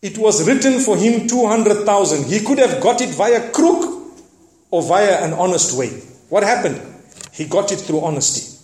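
A man preaching, retelling a story dramatically with lively asides and moral lessons. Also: high-pitched, normal speed, echoey room. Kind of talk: sermon storytelling.

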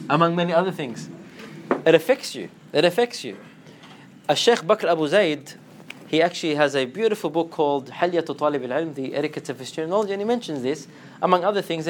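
A man giving an animated Islamic lecture, slipping into Arabic phrases and acting out quotes in a lower voice. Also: a little hiss or hum. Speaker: Islamic teacher. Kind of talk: lively lecture to students.

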